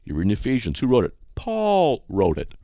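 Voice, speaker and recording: A man's voice: lowish voice, moderate pace, no room sound. A man hosting a radio talk show about studying the Bible, talking emphatically and acting out conversations. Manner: animated, emphatic, acts out dialogues. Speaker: radio host.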